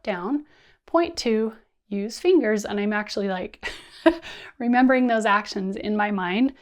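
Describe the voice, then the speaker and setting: A woman presenting an instructional video for teachers, modeling call-and-response counting and hand actions the way she would with students. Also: mid-range voice. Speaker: teacher trainer.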